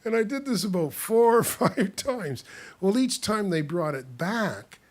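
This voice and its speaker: A man's voice: high voice, lively intonation, measured pace. A man casually telling stories about his past, rambling with restarts and chuckling often as he talks. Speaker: storyteller. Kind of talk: casual spoken storytelling.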